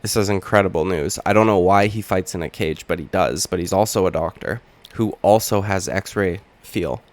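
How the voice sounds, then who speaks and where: A young man hosting a casual reaction vlog, hoarse from just waking up, with a rambling, profane, wisecracking way of talking. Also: low-pitched, moderate pace. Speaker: channel host.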